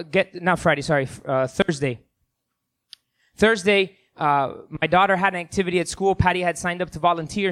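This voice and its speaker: A man preaching a sermon, telling a story with animated delivery that swings from loud emphasis to hushed asides and acts out the people in it. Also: sits high. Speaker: pastor.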